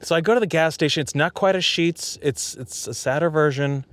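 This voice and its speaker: A man's voice: on the high side, fairly quick, dry recording. Chatty laughing young man, dry sound. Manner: chatty, laughs often, tells stories. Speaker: reporter on the road. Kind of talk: casual chat.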